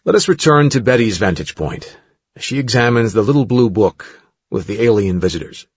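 A man narrating an audiobook in a measured, dramatic way. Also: lowish voice, animated, breathy edge, dry recording. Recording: dull dry studio recording.

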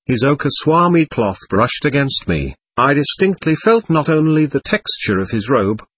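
A man reading a first-person memoir aloud as scripted narration, measured and formal. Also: mid-range voice, fairly bright tone, slightly rough, dry recording. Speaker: audiobook narrator.

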